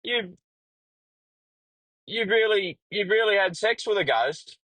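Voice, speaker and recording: An Australian man voicing a male presenter at a ghost convention who quizzes the crowd loudly. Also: on the high side, expressive, takes it slowly, dry recording, recorded from a distance, full character voice, low-quality recording. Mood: quizzing.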